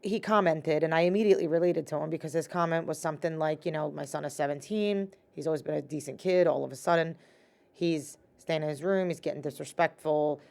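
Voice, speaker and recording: A woman's voice: deep voice, fairly quick, vocal fry, darkish tone. Chatty woman co-hosting a podcast. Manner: chatty, laughing, quotes people in voices. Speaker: podcast co-host. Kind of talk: casual chat.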